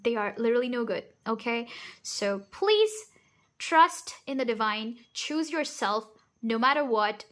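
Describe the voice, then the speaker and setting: A woman's voice: fairly high pitch, expressive, a little slow, a bit bright. A woman giving a pick-a-card tarot reading, direct and reassuring, often checking in with "okay?" and laughing at her own bluntness. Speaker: tarot reader.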